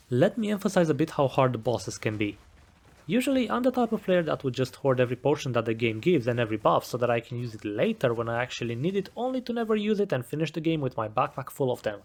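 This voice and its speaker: A man's voice: mid-range voice, sing-song, fast, soft background music. A man giving a scripted game review voice-over with a wry, self-deprecating sense of humor. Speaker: gaming video creator.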